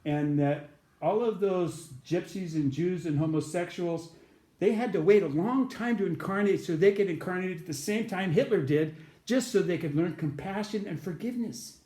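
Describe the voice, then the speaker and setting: Telling the story of his near-death experience as an interview guest, a man whose voice sits high and dark speaks earnestly at a moderate pace. He performs the voices from the event, and the audio has reverb.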